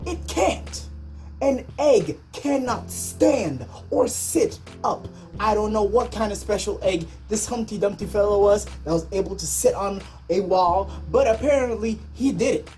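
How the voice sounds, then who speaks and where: A woman's voice: mid-range voice, expressive, unhurried, dark tone, faint music behind. A woman vlogger telling a comedic story in a jokey, mock-outraged way.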